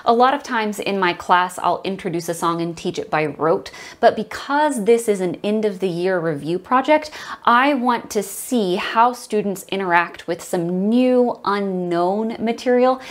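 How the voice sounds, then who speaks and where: A woman's voice: mid-range voice, expressive, measured pace. Woman, young adult, music teacher demonstrating a classroom lesson, explanatory and practical. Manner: explains, then models chants and solfege in a bright sing-song voice.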